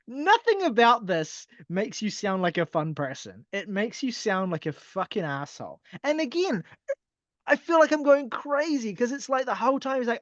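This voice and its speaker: A man's voice: very high-pitched, sing-song, normal speed, no echo, dull audio. A man co-hosting a podcast, ranting with exasperation and swearing, laughing often, mocking lines in a silly put-on voice. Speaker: podcast co-host. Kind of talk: casual ranting album review.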